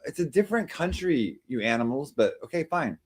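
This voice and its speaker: Rambling, teasing male streamer with lively pitch. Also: brisk, husky. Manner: rambling, teasing, jumps between jokes and chat replies. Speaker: live stream host. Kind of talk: casual live-stream chat reading comments.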